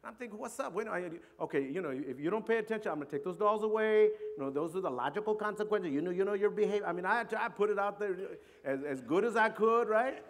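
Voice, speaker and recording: A middle-aged man telling a personal story to an audience in an earnest, halting way, often repeating words. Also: high voice, animated, slight background noise. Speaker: speaker. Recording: long hall reverb.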